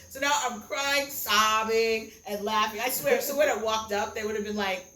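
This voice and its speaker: A woman's voice: mid-range voice, animated, a little fast. A young woman, a singer, talking candidly and ramblingly as a podcast guest, with many fillers and casual swearing. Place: Costa Rica, outdoors or open room with crickets. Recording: echoey room with loud cricket noise.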